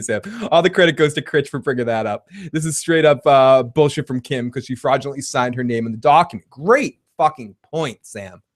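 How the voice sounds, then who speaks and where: A man hosting a casual show that recaps a TV episode, excitable and profane, laughing often as he retells scenes and reads out viewer comments. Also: medium pitch. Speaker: podcast host reviewing a TV episode.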